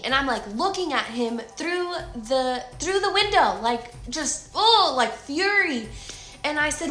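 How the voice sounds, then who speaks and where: A young woman recounts a personal story with bright, crisp energy, acting out her own shouts and quoted lines. Her voice rings a little in an echoey room, with faint music underneath. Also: on the high side, lively intonation, moderate pace. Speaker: vlogger. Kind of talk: emotional storytime retelling.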